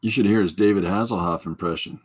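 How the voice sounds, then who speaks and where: A man's voice: low voice, fast, husky. A man hosting a podcast livestream, chatting casually while he draws, greeting viewers by name and reading their comments aloud, and laughing at his own jokes. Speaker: podcast host.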